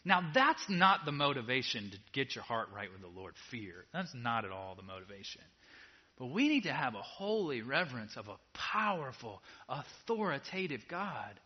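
A man preaching a sermon to a congregation in a casual, direct way, moving between quiet asides and loud emphatic peaks. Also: medium pitch, husky. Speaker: pastor. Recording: dull lo-fi sound.

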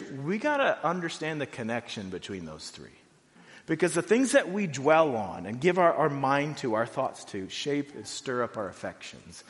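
A pastor preaching a sermon in a conversational way, full of "like"s, going from quiet and low to loud and high. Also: male voice, long reverb tail. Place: church hall.

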